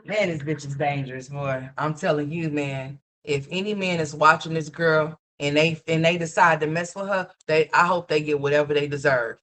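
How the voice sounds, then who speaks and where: A woman's voice: sits low, fairly even intonation, moderate pace, few pauses, fairly bright tone. A woman doing casual live commentary as a streamer, blunt and profane, scolding the person she is reacting to. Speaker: livestream commentator. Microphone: streaming mic.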